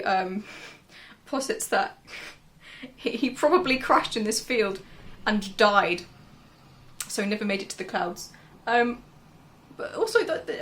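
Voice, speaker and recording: A woman with a somewhat high voice chats through a book's plot in a relaxed review. She drops dry, sarcastic asides as she goes. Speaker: book reviewer. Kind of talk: casual book review chat.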